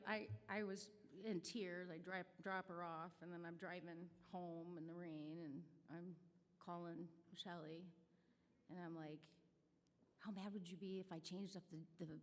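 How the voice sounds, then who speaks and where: A woman's voice: fairly low pitch, a little hiss or hum. A middle-aged woman with a Midwestern American accent, telling a personal story in a chatty, self-deprecating way at a charity brunch. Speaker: nonprofit staff speaker. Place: banquet hall. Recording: reverberant hall audio.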